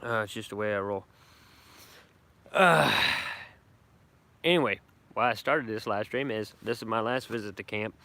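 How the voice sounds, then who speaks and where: A man's voice: on the low side, moderate pace, pauses often, pushed and bright, no echo. A middle-aged man, rambling brashly and profanely on a casual live stream from his woodland camp. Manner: brash, profane, boastful country talk. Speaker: bushcraft vlogger doing a live stream.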